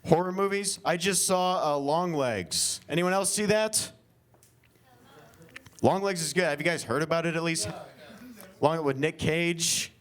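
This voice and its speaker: A man's voice: fairly high pitch, unhurried, long pauses, a bit bright. Rambling young male stand-up comic. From Oklahoma. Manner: rambling, filler-heavy, self-deprecating. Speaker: stand-up comedian. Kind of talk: improvised stand-up set. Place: winery comedy show.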